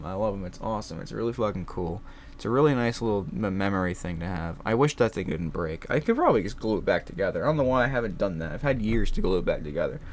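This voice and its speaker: A young man chatting casually in his room, rambling with many restarts and swearing. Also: lowish voice. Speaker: vlogger. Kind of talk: casual chat.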